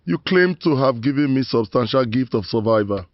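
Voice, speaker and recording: A man's voice: medium pitch, lively intonation, normal speed, dry recording, lo-fi sound, lightly acted. An actor with a Nigerian accent playing a remorseful middle-aged rogue who begs his ancestors for mercy in solemn, proverb-rich speech. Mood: pleading. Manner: pleading, proverb-laden oratory. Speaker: penitent man praying to his ancestors. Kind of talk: Nollywood film acting, solemn monologue.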